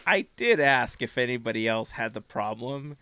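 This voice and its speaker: A man's voice: mid-range voice, expressive, normal speed, pushed and bright, clean tone. A man hosting a casual podcast chat, laughing often as he runs the segment. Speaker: podcast host.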